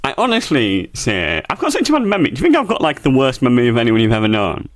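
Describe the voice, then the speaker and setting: A man's voice: medium pitch, wildly swooping pitch, fast, dry recording. A man co-hosting a podcast, chatting casually in a rambling, jokey, self-mocking way. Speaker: podcast co-host. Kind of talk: casual chat.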